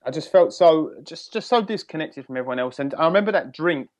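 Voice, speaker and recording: A man's voice: fairly high pitch, expressive. English man, candid and reflective. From England. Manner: candid, reflective, halting restarts. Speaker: guest. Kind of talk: podcast interview.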